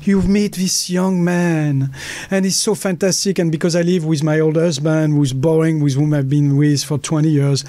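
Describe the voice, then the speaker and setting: A French-accented man appears as a guest in a passionate conversation, talking emphatically and bluntly and acting out the voices of people he quotes. His voice sits a little high, with a warm tone and a normal pace, in a dry recording.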